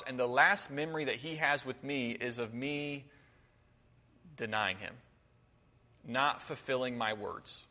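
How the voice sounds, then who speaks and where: A man's voice: medium pitch, bright, forceful tone, big-room sound. A man giving a conversational sermon, retelling scripture and acting out the lines of the people in it. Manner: conversational, acts out quotes. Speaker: preacher.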